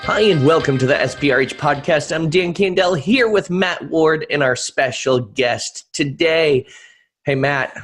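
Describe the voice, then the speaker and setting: A man's voice: fairly high pitch, measured pace, faint music behind. A man hosting a business podcast, introducing the show and guest with frequent laughter. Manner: animated, laughs often. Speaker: podcast co-host.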